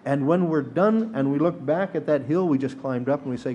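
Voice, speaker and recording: A man's voice: a little high, normal speed, few pauses, darkish tone, slight background noise. A man teaching a sermon at a synagogue service, earnest and emphatic, sometimes rising to exhortation. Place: synagogue sanctuary.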